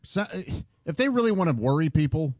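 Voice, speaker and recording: A man co-hosts a morning radio show in a mid-pitched voice that moves around a lot. He asks wry, playful questions. The studio sound is dry and close. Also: big pitch swings, a little fast, a little mellow, no echo. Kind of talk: casual studio banter.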